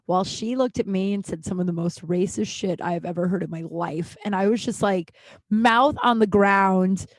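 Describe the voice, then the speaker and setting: A woman comedian hosting her podcast, telling a story in a rambling, swearing, filler-heavy way and jumping into high, animated voices for the people she quotes. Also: normal speed, no room sound. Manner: swears freely and bluntly. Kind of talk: casual comic storytelling.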